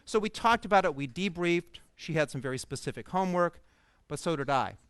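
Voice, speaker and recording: Guy on stage telling a funny story about himself, clean smooth voice, kinda high, dry sound. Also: expressive, fairly quick, a bit bright, dry recording. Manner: humorous, self-deprecating storytelling to an audience. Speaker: speaker at a coaching conference. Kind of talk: storytelling keynote talk. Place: conference stage.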